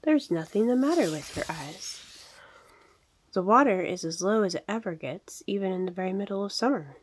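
Woman voicing playful young male otter, lively, exclaiming, storybook, slightly husky. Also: medium pitch, moderate pace, no room sound, low-quality recording. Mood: amazed. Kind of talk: storybook read-aloud.

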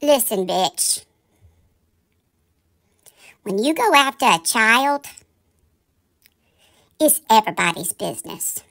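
A woman delivers a heated commentary rant, scolding and full of rhetorical questions. Her voice sits high and sounds bright and sharp. She hosts her own commentary channel. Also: big pitch swings, a little slow, gravelly, pauses often.

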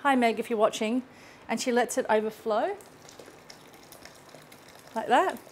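A woman's voice: on the high side, measured pace, slight background noise. A chatty woman hosting a casual cooking demonstration in her home kitchen, laughing often. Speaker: cooking show host.

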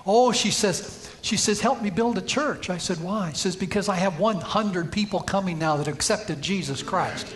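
A man's voice: high-pitched, moderate pace, few pauses, fairly bright tone. A man preaching a sermon in a church, telling a story and rising to emphatic peaks. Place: church sanctuary.

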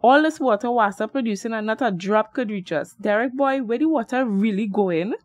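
Harry is a big, hot-headed man, voiced by a woman reading a storybook. He fires off loud, blunt remarks in local dialect, in a raised voice. The sound is dry and close. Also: fairly high pitch, a little fast, no echo, close to an everyday voice. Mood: puzzled. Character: tall, muscular Trinidadian man, quick-tempered.

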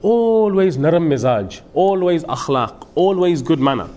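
A man's voice: fairly high pitch, animated, a little slow, dark tone. A man giving an earnest, emphatic sermon-style lecture as a madrasa teacher, mixing in Urdu and Arabic phrases. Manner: earnest, emphatic, switches between English and Urdu with Arabic quotations.

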